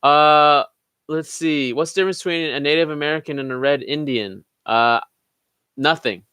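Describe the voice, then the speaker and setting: A young man hosts a casual livestream Q&A, reading viewers' chat questions aloud and answering offhand with plenty of swearing. His voice sits on the high side and moves a little fast, with a slightly bright, clear, resonant tone and no echo.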